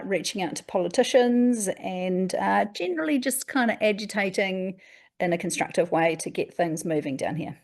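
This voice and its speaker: A woman's voice: fairly low pitch, a little mellow. A woman with a New Zealand accent introducing herself on a video call, chatty and enthusiastic. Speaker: graduate, panelist. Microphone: computer mic on a video call.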